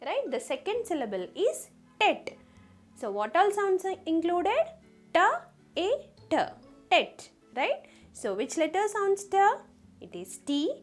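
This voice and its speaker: A woman's voice: very high-pitched, big pitch swings, unhurried, soft background music. A woman teaching a phonics lesson to young children. She sounds out letters one at a time and keeps asking the children questions. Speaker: kindergarten teacher.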